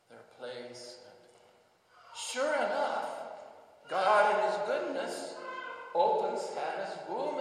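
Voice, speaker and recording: Male preacher, slightly high-pitched, lively storytelling delivery; heavy reverb of a large hall. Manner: animated storytelling, shifting between soft and loud. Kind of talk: sermon. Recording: echoey hall with long reverb.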